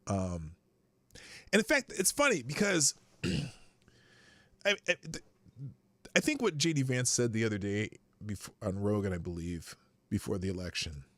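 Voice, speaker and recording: A man hosting a live show, rambling through casual commentary with frequent swearing and sudden jumps in pitch. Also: big pitch swings, normal speed, long pauses, a bit bright, dry recording.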